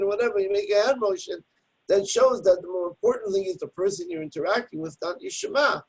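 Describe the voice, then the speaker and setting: A man's voice: high-pitched, lively intonation, fast talker, a little mellow, breathy edge, poor audio. A man teaching a daily text study lesson, reading Hebrew passages and then explaining them plainly in English, sounding out pronunciation examples. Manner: demonstrates pronunciation aloud with examples. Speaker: Torah teacher.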